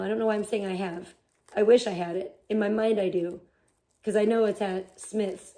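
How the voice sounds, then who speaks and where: A woman's voice: a little high, darkish tone. A woman live streamer chatting casually, rambling and swearing as she rants in exasperation. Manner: rambling, profane, exasperated ranting. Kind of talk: casual chat.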